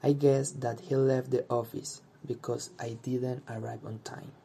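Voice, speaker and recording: Slow gravelly male storyteller. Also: mid-range voice, level tone, mellow, a little hiss or hum. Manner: slow, deliberate, short plain sentences. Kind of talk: first-person story narration.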